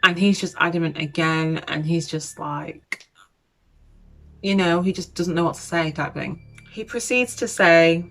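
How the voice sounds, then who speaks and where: A woman's voice: fairly low pitch, normal speed, fairly bright tone, faint music behind, low-quality recording. A young woman casually retelling a documentary on her channel, chatty and full of you-knows, acting out the quotes. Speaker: YouTuber.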